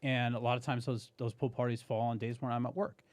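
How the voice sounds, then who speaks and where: A man guest on a podcast, telling a story in a casual, animated way, swearing and saying "dude" often. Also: mid-range voice, a little fast, dry recording.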